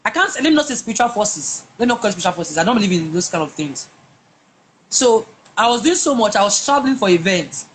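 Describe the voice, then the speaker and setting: A woman's voice: mid-range voice, big pitch swings, quick pace, slight background noise. A woman, a guest telling her personal story emphatically, often repeating words and restarting. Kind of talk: personal testimony in a conversation.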